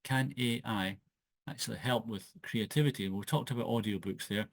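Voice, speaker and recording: Hesitant Scottish man, low voice. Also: brisk, gravelly, dry recording. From Scotland. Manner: hesitant, many fillers and restarts. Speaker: author and channel host. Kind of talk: casual solo podcast talk. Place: home office with wooden desk. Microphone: laptop built-in microphone.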